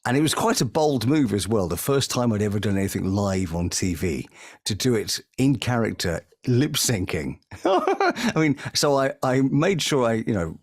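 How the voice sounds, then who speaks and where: A man, a voice actor, telling lively anecdotes in an interview and slipping into impressions as he talks. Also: lowish voice, no room sound, clean studio sound. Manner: animated, breaks into impressions mid-story. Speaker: voice actor guest. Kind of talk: anecdotal storytelling.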